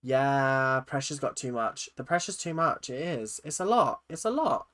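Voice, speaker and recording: A chatty reaction-video host, animated and swearing casually, laughing often into a close mic. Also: medium pitch, moderate pace.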